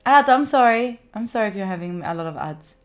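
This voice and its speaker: A woman's voice: medium pitch, lively intonation, fast, faint music behind. A young Italian woman with an Italian accent, chatting casually and playfully with her viewers on a study live stream. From Italy. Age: young adult. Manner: chatty, playful, mock-indignant, frequent fillers.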